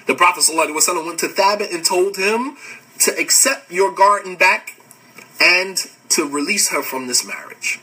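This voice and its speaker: A man, hosting a podcast and giving a casual religious lecture, animated and laughing often as he answers comments. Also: sits high, fast, slightly rough, distant mic, poor audio.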